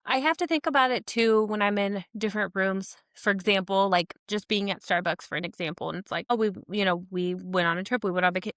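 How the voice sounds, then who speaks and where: A woman's voice: mid-range voice, fast, hardly any pauses, a bit bright, no echo, studio quality. A woman co-hosting a podcast in casual chat, rambling with lots of "like"s and restarts and laughing between thoughts. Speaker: podcast co-host.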